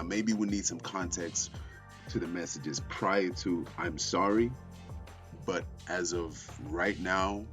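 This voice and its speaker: A man hosting a reaction commentary, measured and questioning, repeating points for emphasis. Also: low voice. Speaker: commentary host.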